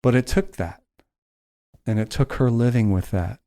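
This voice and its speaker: A man telling a heartfelt story on a podcast, slowing and softening his voice at its emotional points. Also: mid-range voice. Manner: slows down and softens for emotional moments.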